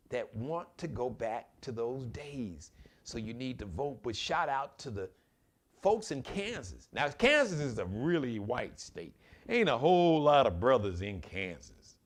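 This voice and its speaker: A man's voice: mid-range voice, sing-song, unhurried. A man hosting his own live commentary show, talking in an impassioned, preachy way and urging his listeners directly. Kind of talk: opinionated solo commentary.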